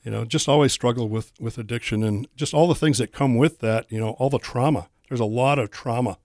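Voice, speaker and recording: Ministry guy on radio, lots of ums and pauses, dry close mic. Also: medium pitch, a little mellow, no echo. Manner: halting, with many fillers. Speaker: ministry leader, guest. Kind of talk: casual radio interview.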